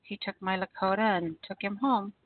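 A woman's voice: medium pitch, fairly even intonation, normal speed, slight background noise. A woman calling in to a radio show, chatting casually and laughing often. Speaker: caller. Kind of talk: casual phone chat. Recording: tinny phone line.

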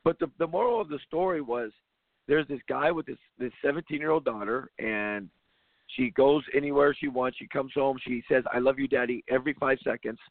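A man who coaches basketball hosts a loose, emphatic monologue, often circling back and restarting his sentences. His voice is rough and gravelly. It comes through a thin, phone-like line with a dry, close sound. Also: mid-range voice, a little fast, dry recording. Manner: rambling, emphatic, frequent restarts. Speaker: basketball coach and show host. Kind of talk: casual monologue.

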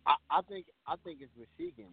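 A male host of a call-in radio show jokes around and teases his callers in a relaxed, playful way. His pitch moves up and down a lot as he talks. The sound is thin and narrow, like it is coming through a phone line. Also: fairly quick, no echo. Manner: joking, playful banter. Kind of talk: casual call-in radio chat.

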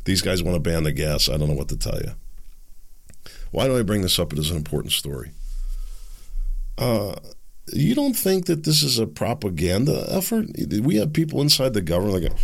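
Gravelly, animated ranting male host. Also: deep voice. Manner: sarcastic, ranting, exasperated. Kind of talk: political commentary rant.

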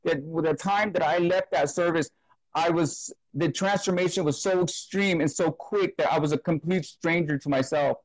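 A man giving an emotional personal testimony as an interview guest, talking earnestly and haltingly, often repeating words and restarting. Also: a little high, dry recording, rough recording.

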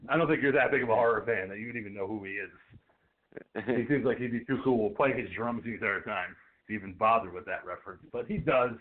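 A man co-hosting a podcast, casually picking apart a film in a profane, animated way and acting out scenes. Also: on the low side, fast. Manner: animated, profane, acts out characters. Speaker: podcast co-host. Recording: phone-like narrow audio.

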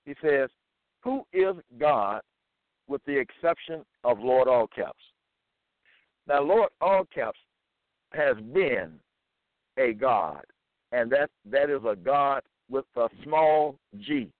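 A man giving a deliberate scripture lecture and quoting verses with stress. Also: mid-range voice, expressive, no echo. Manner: slow, deliberate, quotes verses with emphasis. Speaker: religious teacher. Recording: tinny phone-like sound.

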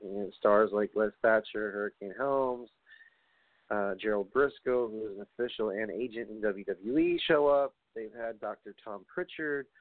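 A man's voice: lowish voice, moderate pace, no echo. A man hosting a wrestling podcast, rambling casually, reading off long lists and swearing now and then. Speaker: podcast host. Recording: tinny phone-like line, dry.

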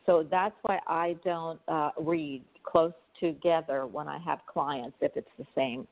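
A chatty woman host who rambles and restarts her sentences mid-thought. Her voice sits slightly low, and it comes through a narrow, phone-like line. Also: fairly even intonation, a little slow, vocal fry. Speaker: radio show host and psychic reader. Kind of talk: casual call-in chat.

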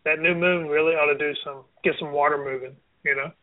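A man from coastal Georgia on a casual radio chat, explaining in a steady, matter-of-fact way. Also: fairly high pitch, fast. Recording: tinny phone line.

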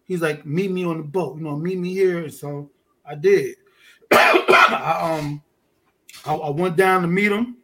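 Detroit guy on a podcast, high voice, swears a lot, acts out the convo. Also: a little slow. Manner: animated, profane street talk, acts out dialogue. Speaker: podcast guest, underwater photographer. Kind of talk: casual storytelling chat.

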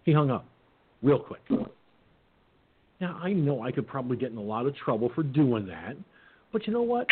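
A husky male talk radio host with a mid-range voice, blunt and profane as he tells his stories. The sound is squeezed into a narrow, phone-like band. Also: medium pitch, expressive, normal speed, long pauses. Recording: phone-like line.

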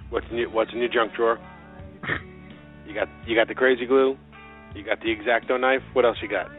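A man's voice: medium pitch, steady tone, fairly quick, faint music behind. A man co-hosting a sports podcast, chatting casually with dry jokes. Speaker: podcast co-host. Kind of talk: casual chat. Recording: tinny phone-like podcast audio.

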